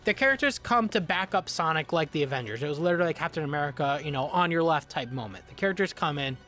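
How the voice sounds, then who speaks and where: A man's voice: a little high, quick pace. Exasperated man ranting in a review. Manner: exasperated, ranting, swears freely; animated, frequent restarts and repetitions. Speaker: video reviewer. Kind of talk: casual review commentary.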